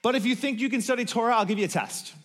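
A man's voice: extremely high pitch, very fast, fairly bright tone, voice pushed up. A man doing a patient old rabbi with riddles. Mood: teasing. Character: wise older male rabbi, testing and teasing.

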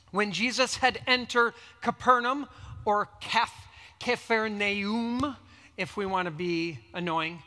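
A man delivers a sermon in a high, bright voice, taking his time as he teaches in a conversational way and reads scripture with drama. His words ring out with a long reverb from a large hall. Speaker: pastor.

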